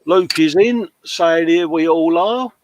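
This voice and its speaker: A man's voice: on the high side, takes it slowly, no echo. A man hosting a casual livestream, reading out viewers' comments with chatty, matey banter. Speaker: livestream host.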